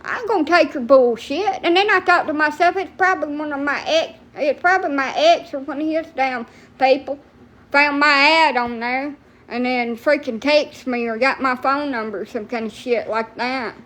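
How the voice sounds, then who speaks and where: A woman's voice: high voice, normal speed, a bit bright. A woman ranting profanely and sassily to viewers on a phone livestream. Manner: profane, heated, sassy, talks back to viewers. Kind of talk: ranting live stream.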